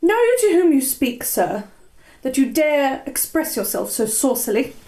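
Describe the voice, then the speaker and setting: An imperious, haughty queen, played by a woman, declaiming in old stage speech. Her voice is high and her delivery slow and measured. It is heard in an echoey room. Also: very animated, warm tone, recorded from a distance, exaggerated voice. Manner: commanding, declamatory. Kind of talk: Elizabethan stage acting.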